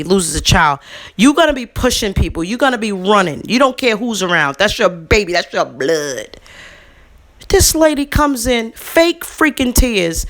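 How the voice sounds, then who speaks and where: A woman in her thirties or forties, a vlogger telling a personal story in a heated, casual monologue. She is indignant and animated, with fillers and slang. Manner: indignant, animated, swings up in pitch for emphasis.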